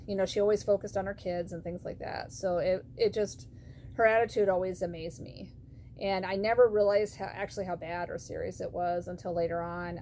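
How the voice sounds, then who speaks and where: A middle-aged woman tells a personal story of faith in a heartfelt, meandering way, full of ums and restarts. Her voice sits at an ordinary pitch for a woman. A faint noise runs underneath. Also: a little mellow. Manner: heartfelt, rambling with many fillers. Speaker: vlogger.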